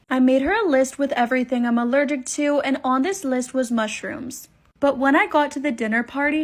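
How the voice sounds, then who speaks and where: A woman reading an online story aloud, brisk and matter-of-fact, adding blunt opinions of her own. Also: high voice. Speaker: storytime narrator.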